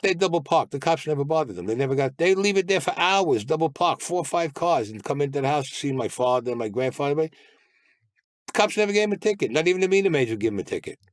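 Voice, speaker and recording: A man's voice: on the high side, no room sound. An older man, a guest telling blunt, streetwise stories full of profanity. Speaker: interview guest. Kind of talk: casual storytelling.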